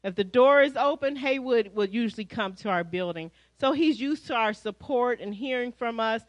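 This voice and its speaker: A woman's voice: fairly high pitch, moderate pace, no room sound, low-quality recording. Chatty woman pastor making announcements. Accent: American. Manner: lively, chatty, addresses congregation as y'all. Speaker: pastor giving church announcements. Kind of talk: church announcements. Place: church sanctuary.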